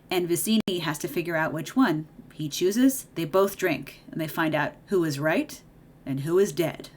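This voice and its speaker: Woman kinda low-voiced, recapping a movie while doing makeup, snarky asides. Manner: chatty and opinionated, with sarcastic asides. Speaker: video creator.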